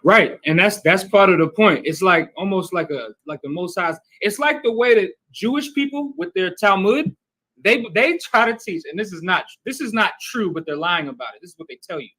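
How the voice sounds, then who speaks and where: This man leads a bible class at a moderate pace, his high-pitched voice bright and forceful with lively intonation. Teaching scripture conversationally, he keeps asking "right?" and calls on readers, though the audio quality is low.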